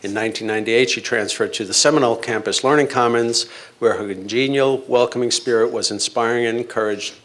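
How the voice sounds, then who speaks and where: A man reading out a formal board resolution in a measured, ceremonial way at a board meeting. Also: medium pitch, a bit bright. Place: board meeting room with audience.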